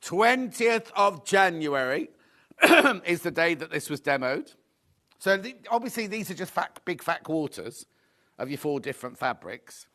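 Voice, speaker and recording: Middle-aged male host from England, chatty and upbeat, slightly high-pitched, pushing deals on a live shopping show. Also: lively intonation, normal speed, sharp tone. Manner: chatty, upbeat salesman patter, reads viewer messages. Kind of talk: live sales presentation.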